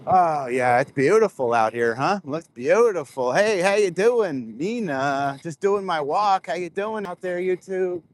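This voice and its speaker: Walking laps outside, a man vlogs to his viewers in a chatty, rambling way, speaking straight to them through a clip-on mic near his face. His high voice is animated and unhurried, with hardly any pauses.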